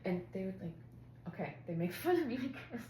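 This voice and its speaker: A middle-aged woman hosting a casual chat, talkative and quick to laugh, acting out what others said. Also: mid-range voice, sing-song, dark tone, slight background noise. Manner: chatty, laughs often, acts out quotes. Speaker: podcast host. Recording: echoey room.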